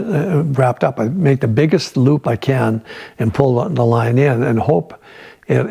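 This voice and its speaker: An older man with a gravelly, husky voice tells a story from his war years in an interview. He talks in a halting way, restarting his sentences and repeating words as he works through the memory. His pitch sits in an ordinary middle range. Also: darkish tone. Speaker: veteran interviewee. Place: at home.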